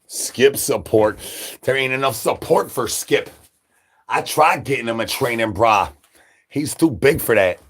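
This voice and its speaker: A man rambling through absurd nonsense banter on a comic live stream, breaking into sudden high shouted asides. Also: lively intonation, a little slow, husky. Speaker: livestreamer.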